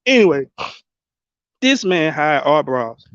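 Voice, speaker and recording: A man with a fairly high voice rants bluntly about sports, talking straight to his viewers. The sound is dry and a bit dull, like a lo-fi home setup. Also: very animated, unhurried, fairly bright tone, no room sound. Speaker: sports channel host. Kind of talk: casual sports rant.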